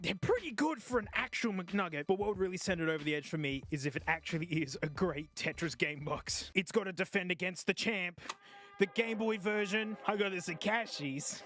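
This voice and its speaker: A man's voice: high-pitched, a bit bright. A man doing casual, jokey live-stream gaming commentary, yelping and groaning at the game as he plays.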